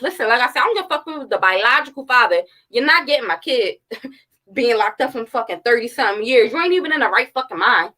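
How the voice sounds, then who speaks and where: Woman, thirties, casual livestream commentary, blunt profane rant, slightly high voice. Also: pushed and bright, poor audio. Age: 30s. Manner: blunt, heated, profane ranting. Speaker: true-crime commentary host.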